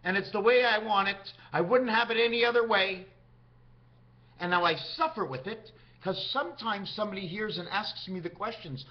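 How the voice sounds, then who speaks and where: A man's voice: sits high, moderate pace, dull audio. A man talking straight to camera in a rambling, free-associating monologue that jumps from topic to topic. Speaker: vlogger.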